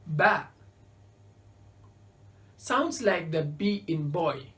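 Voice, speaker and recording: Woman teacher, lowish voice, very slow deliberate delivery, careful letter-by-letter instruction. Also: lively intonation. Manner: careful, spells out each letter and example word. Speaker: Arabic teacher. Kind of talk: slow beginner alphabet lesson.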